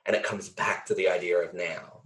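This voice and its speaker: A low but somewhat bright voice, fairly even in intonation and fairly quick, belongs to a podcast host. He reflects earnestly and with feeling in conversation, thinking aloud with many fillers and the odd swear, in a recording with roomy echo.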